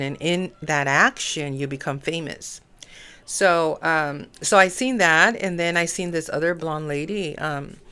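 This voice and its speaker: Woman, middle-aged, astrology podcast host, low voice, casual rambling monologue, lots of fillers. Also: a bit bright, clear, resonant tone. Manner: chatty, many fillers like "you know".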